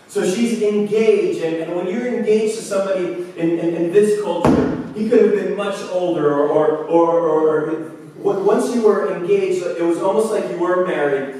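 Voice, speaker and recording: A male pastor delivers his sermon in a loose, conversational way, often stumbling into repeated words. His voice sits a bit high. The recording comes from well back in a very echoey church, with faint background noise. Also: darkish tone. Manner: conversational storytelling with stammered restarts. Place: church sanctuary. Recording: echoey church hall, mic far off.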